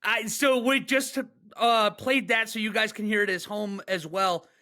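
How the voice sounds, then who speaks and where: Male podcast co-host, bright and sharp-toned, excitable and quick to rant. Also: high-pitched. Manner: excitable, joking, fast rants. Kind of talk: casual sports chat.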